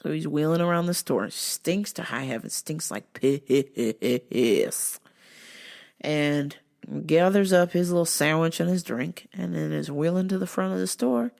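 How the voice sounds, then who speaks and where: Creaky-voiced woman ranting with profanity. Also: fairly low pitch, normal speed, a little mellow. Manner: profane, exasperated storytelling. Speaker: vlog host and store worker. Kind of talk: casual vlog rant.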